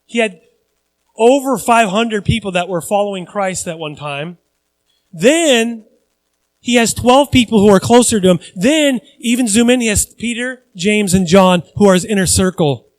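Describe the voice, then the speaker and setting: A man's voice: sits high, animated, moderate pace. A male pastor preaching a conversational sermon, earnest and repeating phrases for emphasis.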